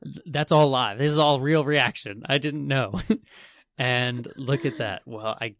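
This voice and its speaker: A man's voice: medium pitch, measured pace, fairly bright tone, dry recording, clean studio sound. A man hosting an interview show, upbeat and enthusiastic with a joking streak. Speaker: show host. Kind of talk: casual interview chat.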